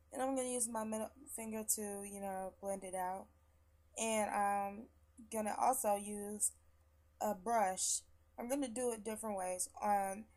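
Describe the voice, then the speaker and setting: A young woman vlogger, chatty and rambling, swearing freely as she gives shout-outs and walks through her everyday makeup routine at home. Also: medium pitch. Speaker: beauty vlogger. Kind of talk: casual makeup tutorial. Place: at home after work.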